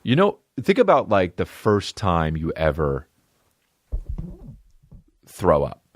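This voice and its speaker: A man hosting a podcast, telling a funny family story and acting out a scared child in a high voice. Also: huge pitch swings, slow pace, no echo, clean studio sound. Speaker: podcast host. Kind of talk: solo comedic storytelling.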